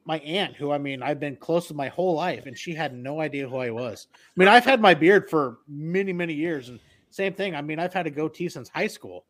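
A man's voice: a little high, animated, a little fast, a bit bright. A middle-aged man chatting on a podcast, telling rambling anecdotes and swearing casually. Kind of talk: casual chat.

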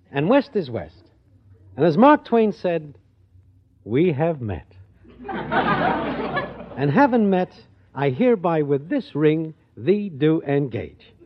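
An actor playing a smooth-talking, broke young con man in a 1940s radio sitcom, glib and full of mock-grandeur. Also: fairly high pitch, wildly swooping pitch, takes it slowly, pauses often, some chatter behind, heavily acted. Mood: grandiose. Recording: noisy lo-fi old radio broadcast with live studio audience. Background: loud studio audience laughter.

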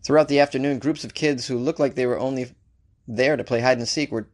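A man hosting a comedic offbeat-news segment, reading stories and throwing in animated, jokey asides. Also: medium pitch, fairly quick. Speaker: host.

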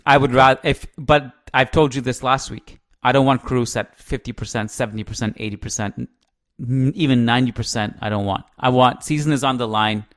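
A man in his thirties hosting a casual podcast, chatty and quick to laugh, thinking out loud. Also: medium pitch. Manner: chatty, laughs easily, thinks aloud with restarts. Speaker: podcast host. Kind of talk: casual chat.

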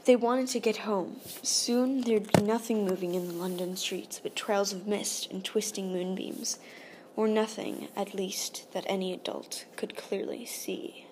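A woman narrating an audiobook in a soft, hushed, often half-whispered delivery. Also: mid-range voice, fairly even intonation, a little slow, slight background noise. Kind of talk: scripted narration.

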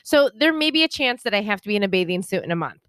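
A woman's voice: mid-range voice, big pitch swings, very fast, fairly bright tone, clean tone, dry recording, clean studio sound. A woman co-hosting a podcast in casual chat, rambling and laughing often, with casual swearing. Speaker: podcast co-host.

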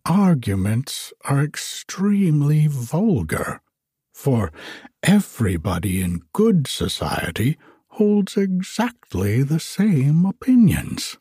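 A man voicing a talkative, self-satisfied little pond frog in a storybook, prattling on in a breathy, often whispery voice. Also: mid-range voice, dark tone, no room sound, clean studio sound, voice pushed up, exaggerated voice. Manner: gushing, prattling, complacent.

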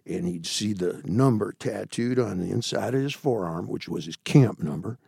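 A man in his sixties with a gravelly, husky voice gives a candid interview, animated one moment and hushed the next. He swears bluntly as he tells his stories. The sound is close and dry, with no room echo. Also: fairly low pitch, normal speed. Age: 60s. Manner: animated raconteur, swings between loud and hushed. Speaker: interview guest.

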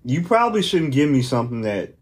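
A middle-aged man co-hosting a podcast in casual chat, animated and acting out imagined dialogue with loose, rambling asides. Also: medium pitch, a little fast, slight background noise. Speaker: podcast co-host.

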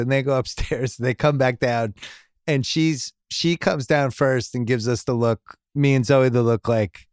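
A man's voice: mid-range voice, moderate pace, smooth, no echo, studio quality. A middle-aged man hosting a podcast, telling a rambling family story in casual chat and laughing at his own jokes. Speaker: podcast host.

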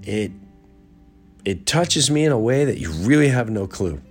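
A man's voice: mid-range voice, expressive, measured pace, slightly rough, faint music behind. A middle-aged man hosting a podcast, talking in a casual monologue with a congested, stuffy nose, earnest and reflective, often trailing off and restarting. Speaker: podcast host.

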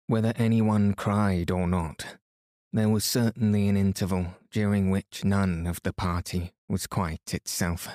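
A man reading a children's story aloud as a calm bedtime read, soothing and even, lightly voicing the children. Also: low-pitched, unhurried, no echo, studio quality. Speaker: podcast host and bedtime story reader.

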